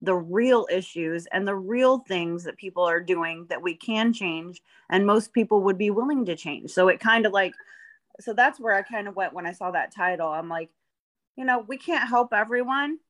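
A woman's voice: medium pitch, normal speed. A woman co-host and coach, talking in a reflective, chatty way with frequent restarts. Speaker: podcast co-host, life coach. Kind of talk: casual chat.

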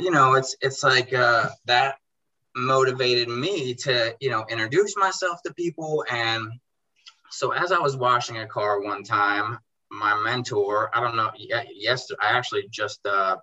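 A young man who runs a car detailing business, telling animated stories in casual chat and acting out dialogue in quotes. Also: on the low side, normal speed, lo-fi sound. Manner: animated, acts out dialogue in quotes, says bro and dude. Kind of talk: casual storytelling in a podcast chat.

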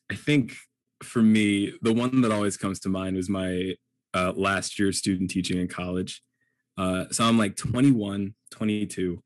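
A man in his twenties, co-hosting a podcast, telling a funny story in a casual, animated way. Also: on the low side, no echo. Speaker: podcast co-host.

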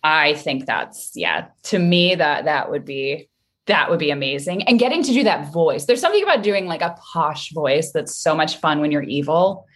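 A woman being interviewed as a guest actress, chatting lively and laughing often. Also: low-pitched, moderate pace. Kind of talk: casual interview chat.

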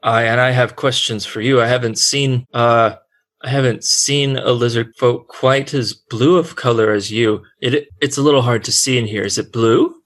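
A man's voice: medium pitch, fairly even intonation, moderate pace, a bit bright, close to an everyday voice. A man voicing a nervous, jittery male dwarf innkeeper who stammers and fumbles his words. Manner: stammering, flustered.

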